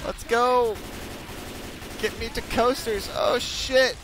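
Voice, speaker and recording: A young man giving profane, excitable gameplay commentary, cursing at his teammates with loud outbursts. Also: extremely high pitch, slow pace, noisy background. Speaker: gaming video creator.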